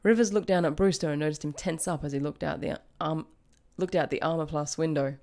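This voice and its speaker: A woman's voice: sits low, steady tone, brisk, darkish tone. A woman hosting a show, reading a story aloud with casual asides. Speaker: host.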